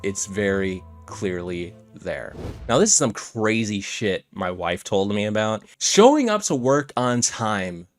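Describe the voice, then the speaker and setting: A man's voice: on the low side, sing-song, a little slow, dry recording, soft background music. A young man giving blunt, casual reaction commentary, swearing freely in a conversational way. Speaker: commentary channel host.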